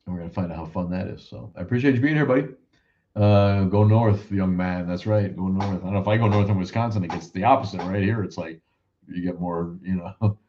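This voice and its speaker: A man hosts a loose live chat show with a low, deep voice. He jokes and swears freely, drifting into rambling asides. The sound is muffled and lo-fi. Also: warm tone. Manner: joking, profane, rambling asides. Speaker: show host. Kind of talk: casual livestream chat.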